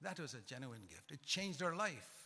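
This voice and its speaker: An older man preaching a sermon, emphatic and rising in pitch to stress his points. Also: big pitch swings, moderate pace, sharp tone, breathy edge. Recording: long hall reverb.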